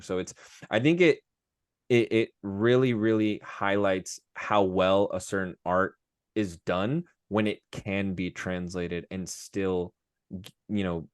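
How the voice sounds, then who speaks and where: A low-pitched man speaking as a voice-actor guest on a podcast, in a loose, rambling conversational way with frequent restarts. The sound is dry and close, with no room echo. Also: clean tone. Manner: rambling with many restarts, breaking into character voices. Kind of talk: casual podcast chat.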